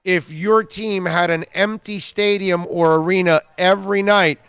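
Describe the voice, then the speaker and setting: A man's voice: sits high, steady tone, measured pace, fairly bright tone, clean tone, no room sound. A man hosting a sports talk radio show, bluntly scolding listeners with repeated rhetorical questions.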